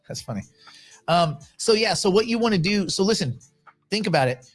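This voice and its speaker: A man's voice: high voice, lively intonation, brisk. Chatty man hosting a livestream, faint music. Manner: rambling, chatty, restarts often. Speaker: livestream host. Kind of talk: casual livestream commentary.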